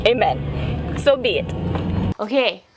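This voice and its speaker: A tipsy young woman rambles through a story with a slightly high voice, giggling as she goes. She fills her talk with likes and ums, speaking into a handheld camera mic. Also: moderate pace, heavy background noise. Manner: giggly, rambling, full of fillers. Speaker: vlogger. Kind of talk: casual rambling vlog rant.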